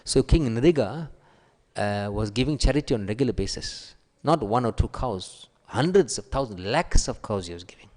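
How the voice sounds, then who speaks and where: A man giving a sermon, telling stories and acting out the quoted voices with a raised pitch. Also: expressive, moderate pace, a little mellow. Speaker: preacher. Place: temple hall. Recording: long hall reverb.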